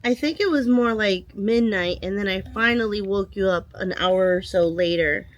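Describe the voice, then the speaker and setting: A woman with a slightly nasal voice from a cold, talking casually as a vlogger and telling a story with many pauses and restarts. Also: mid-range voice. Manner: hesitant, restarts and trails off. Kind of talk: casual chat.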